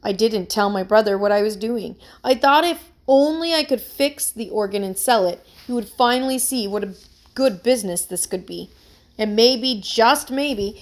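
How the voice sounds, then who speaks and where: A woman's voice: a little high, natural voice. Storybook role: woman reads a nervous young musician pleading his innocence, earnest and worried. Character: anxious young man, a struggling musician accused of theft.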